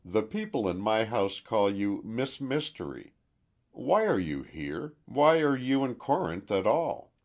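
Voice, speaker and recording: A gentle, serious older man, voiced by a male narrator who speaks with quiet concern. The voice is husky and unhurried. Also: lowish voice, sing-song, voice pushed up, exaggerated voice. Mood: kindly. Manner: gentle, grave. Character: kindly grave older man, landlord.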